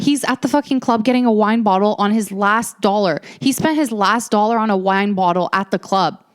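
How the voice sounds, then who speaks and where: A woman's voice: medium pitch, moderate pace, few pauses, clean tone. A woman in her early twenties hosting a podcast, telling stories in a sassy, ranting, profane way. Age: early 20s. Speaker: podcast host. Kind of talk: casual storytelling chat.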